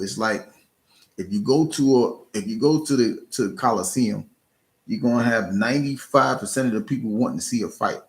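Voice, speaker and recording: A man's voice: fairly low pitch, a little mellow. A man streaming live, giving casual, earnest encouragement to his chat, often restarting and repeating words. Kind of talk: casual motivational talk.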